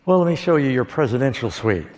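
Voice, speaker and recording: A man's voice: mid-range voice, very animated, fast talker, darkish tone, natural voice. A man voicing a courteous, patient hotel manager. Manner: courteous, smooth and accommodating. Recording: long hall reverb.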